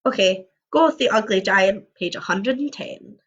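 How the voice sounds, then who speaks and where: At a medium pitch and normal speed, a woman reads an interactive story aloud at home for a livestream, breaking up passages with chatty, jokey remarks. The audio is dull and lo-fi.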